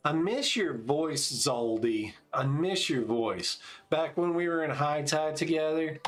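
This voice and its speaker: A man's voice: fairly high pitch, animated, takes it slowly, fairly bright tone, faint music behind. A man in his forties streaming a game, chatting casually and calling out tactics as he plays. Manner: laid-back, chatty, calls out tactics between stories. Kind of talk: casual gameplay commentary.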